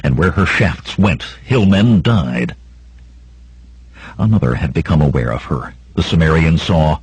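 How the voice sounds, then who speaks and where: A man's voice: rumbling low, lively intonation, measured pace, a little mellow, husky, no room sound. A man reading a sword-and-sorcery audiobook as dramatic narration, raising his voice for the battle cries. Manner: acts out battle cries in a raised voice.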